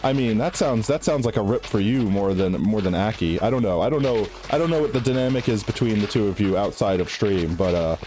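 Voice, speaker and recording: A man's voice: fairly low pitch, animated, a little fast, hardly any pauses, dark tone, slight background noise. A male streamer chatting casually with his viewers while gaming, rambling, restarting his sentences and breaking into giggles. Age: adult.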